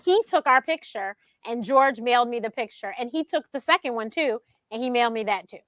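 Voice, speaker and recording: A high-pitched woman with a bright, forceful voice, chatting in a casual, storytelling way. She is lively and laughs often, and she jumps into a higher voice when she acts out what other people said. The sound is dry and close. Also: brisk, no echo. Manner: animated, acts out quotes in a higher voice; laughs often mid-sentence. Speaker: show host being interviewed.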